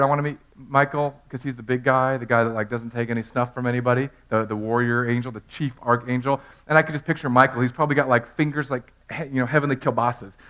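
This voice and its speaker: A man in his thirties preaching an animated Easter sermon in a church, telling the story with humor and acting out voices. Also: mid-range voice. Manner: storytelling, acts out characters in funny voices. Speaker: pastor. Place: church sanctuary.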